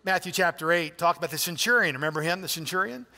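In a large church sanctuary, a male pastor preaches a sermon conversationally but emphatically, appealing directly to his listeners. His slightly high voice is pushed and bright, and he talks fast.

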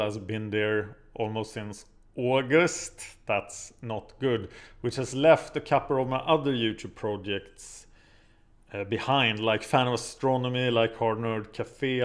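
A man in a relaxed vlog update, talking at a middle pitch. He rambles from one project to the next, breaking off with fillers and self-corrections as he goes. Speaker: vlogger and podcaster.

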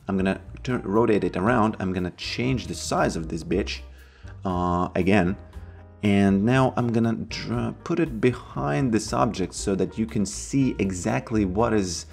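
A man talking through a software tutorial step by step, chatty and pleased with his own results. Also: on the low side, gravelly. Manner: chatty, self-approving asides; put-on Russian accent in part. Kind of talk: screen-recorded software tutorial.

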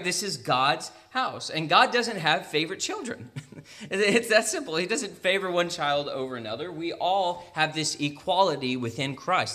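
A young man with an American accent giving a conversational sermon, laughing often and making quick asides. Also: a little high, sharp tone. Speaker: preacher.

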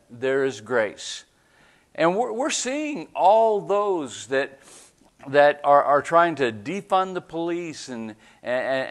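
A pastor with a slightly high, somewhat bright voice preaches at a church service. He keeps things conversational and frequently checks in with the congregation with "right?" asides.

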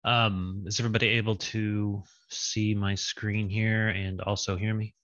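Man with a bright, lo-fi voice. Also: fairly low pitch, flat delivery, unhurried, dry recording. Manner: casual, filler-heavy, thinking aloud. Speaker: lab instructor. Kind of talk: online coding lab walkthrough. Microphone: video call with screen share.

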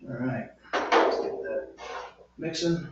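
A man's voice: medium pitch, slow. Man, mid voice, laid-back brewing chat; far off, echoey, muffled and noisy home recording. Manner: easygoing, short replies, talks through his steps. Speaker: homebrewing video co-host. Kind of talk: casual chat while brewing. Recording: roomy, distant, dull and very noisy home recording.

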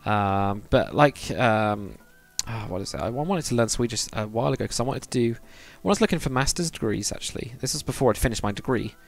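A man's voice: medium pitch, lively intonation, fast, creaky, hardly any pauses. A young man, chatting casually on a live stream while building in a game, rambling and reading viewer comments aloud.

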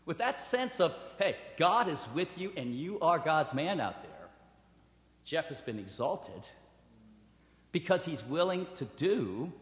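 A man preaching a sermon and telling a personal story, animated, with acted quotes and laughter. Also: on the high side, takes it slowly. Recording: roomy hall with long reverb.

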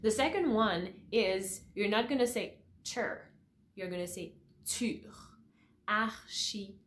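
A woman teaching pronunciation, repeating each word slowly and checking in with "all right?" after each point. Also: mid-range voice. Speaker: French teacher. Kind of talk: pronunciation lesson to camera.

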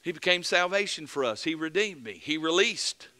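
A man preaching a fervent mid-week sermon as pastor, building to loud emphatic peaks and dropping back to earnest plain talk. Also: fairly high pitch, expressive, normal speed. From United States.

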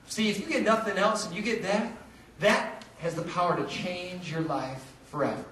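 A male pastor with a high voice delivers an animated sermon, acting out conversations as he tells his story. He is heard from a distance in a roomy church sanctuary, with faint background noise. The sound has a lingering echo. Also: normal speed. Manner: lively, animated storytelling with acted-out dialogue.

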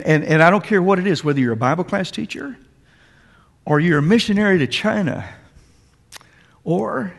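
In a church sanctuary, a man preaches to his congregation, emphatic and repetitive, talking straight to his listeners. His voice is high and gravelly with a breathy edge, and long hall reverb surrounds it.

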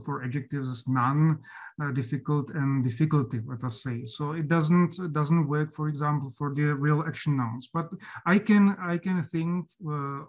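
Hesitant, higher-voiced male lecturer. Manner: hesitant, many fillers and restarts. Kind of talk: academic lecture.

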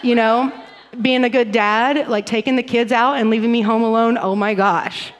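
A woman's voice: a little high, fairly even intonation, normal speed, a faint crowd. A woman in her forties co-preaching a sermon on a church stage, telling stories with lots of laughter. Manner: bubbly, laughing storyteller. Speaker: pastor's wife co-preaching. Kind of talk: sermon with personal storytelling. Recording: long reverb of a church hall.

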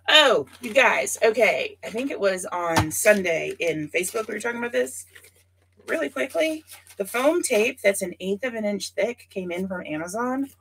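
A woman's voice: mid-range voice, lively intonation, normal speed, vocal fry, fairly bright tone, breathy edge. A woman hosting a casual scrapbooking livestream, chatting with viewers by name and thinking aloud as she works. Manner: chatty, talks to viewers by name while working; thinks aloud with frequent asides. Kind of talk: casual livestream chat while crafting.

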